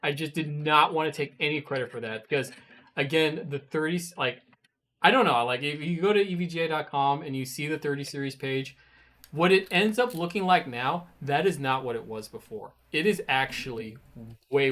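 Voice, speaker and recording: A man recounts a workplace story in a relaxed studio chat. His voice sits a little high and he tells it animatedly, swearing as he acts out his past outbursts. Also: normal speed. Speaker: guest, web designer.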